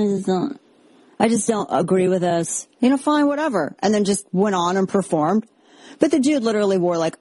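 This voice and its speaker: Chatty, husky-voiced woman host. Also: mid-range voice, no room sound. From Texas. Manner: chatty, sarcastic, animated asides. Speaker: commentary show host. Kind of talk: casual opinion monologue. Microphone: headphones on, close mic.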